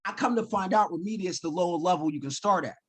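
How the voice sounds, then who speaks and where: A man's voice: high-pitched, fast, a little hiss or hum. A man in his forties, telling his life story in a keynote talk and acting out his own lines. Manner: animated storyteller, acts out his own quotes. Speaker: keynote speaker.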